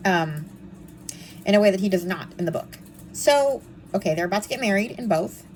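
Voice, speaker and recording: A woman's voice: medium pitch, lively intonation, brisk, a little hiss or hum, rough recording. A young woman chatting casually and with snark as she reviews a book series, with frequent ums and asides.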